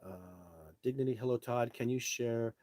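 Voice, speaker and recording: A man's voice: medium pitch, a little slow, a little mellow, no echo. A man hosting a casual live stream, reading viewer comments and telling blunt, brash stories. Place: home setup, speaking to a phone.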